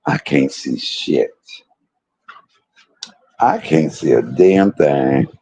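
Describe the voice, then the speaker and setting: A man, casually telling a personal story to his viewers, animated, laughing often and swearing freely. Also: very deep voice, drawn-out words, husky, poor audio.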